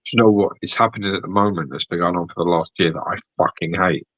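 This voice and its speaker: British man, very low husky voice, dry sound, animated sweary podcast rants. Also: fast talker, no echo, muffled recording. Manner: animated ranting, swears freely. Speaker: podcast co-host. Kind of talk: casual chat.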